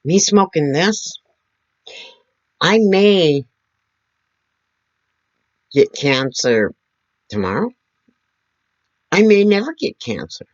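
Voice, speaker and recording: A woman talking slowly and earnestly to her camera, demonstrating as she explains, sitting several feet back from her computer mic. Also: fairly low pitch, big pitch swings, highs cut off. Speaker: vlogger. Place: indoor room at a computer. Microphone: computer mic several feet away.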